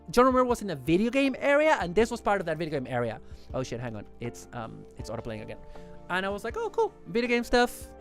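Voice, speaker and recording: A livestream host chatting casually over photos in a rambling, excitable way, often correcting themselves mid-sentence. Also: mid-range voice.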